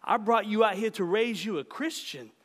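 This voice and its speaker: A man reading aloud and voicing a gruff, hearty old backwoods great-uncle with a gravelly voice who hollers and insists, in a long-reverb hall. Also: high-pitched, moderate pace, a bit bright, voice pushed up. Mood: insistent.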